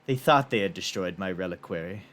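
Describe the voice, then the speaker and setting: A man's voice: sits low, expressive, a little fast, a bit bright. A man voicing a long-dead male wizard who speaks tersely from inside a crystal in a tabletop game. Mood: scheming.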